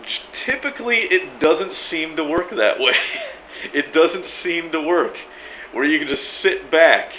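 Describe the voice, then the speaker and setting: A man with a slightly high, bright, forceful voice speaks animatedly at a measured pace in a casual video reply to another creator. He rambles emphatically, stammers into many restarts, and swears often. The sound is dull and lo-fi with faint background noise.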